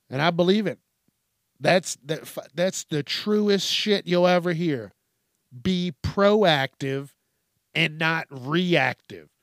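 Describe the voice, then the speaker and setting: A man's voice: a little high, no echo, clean studio sound. Profane, rambling man ranting. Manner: profane, rambling, jokey, breaks into mock quotes and laughter. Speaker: podcast host. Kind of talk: casual solo podcast rant.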